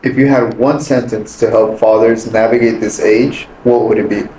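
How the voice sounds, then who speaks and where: A man hosting a podcast, asking interview questions in a measured way and announcing segments. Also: medium pitch, steady tone, mellow. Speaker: podcast host. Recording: echoey room with faint noise.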